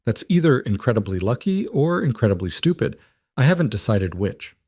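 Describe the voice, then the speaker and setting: A man's voice: mid-range voice, very animated, brisk, darkish tone, husky, no echo, studio quality, voice pushed up. A man voicing a blunt, sardonic young woman friend in an audiobook, talking with a flippant edge.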